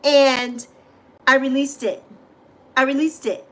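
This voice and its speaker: A woman's voice: high-pitched, little pitch movement, takes it slowly. A middle-aged woman hosting a livestream, talking to viewers in an effusive, emotional, repetitive way into a microphone. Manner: speaks directly to viewers. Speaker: livestream host. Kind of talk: heartfelt livestream chat. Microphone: desk microphone.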